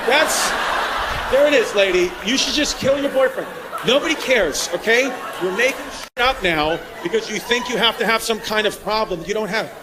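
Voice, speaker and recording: A male stand-up comedian performing a brash set on a comedy club stage, shouting punchlines over a laughing crowd. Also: sits high, brisk. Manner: brash, loud bursts of shouting. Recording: live club recording with crowd noise.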